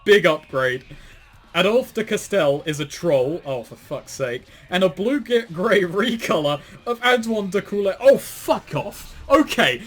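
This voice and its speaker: A man's voice: high-pitched, a bit bright. A man co-hosting a casual commentary show, reading aloud and mocking it with sardonic asides, frequent swearing and laughter. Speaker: commentary co-host.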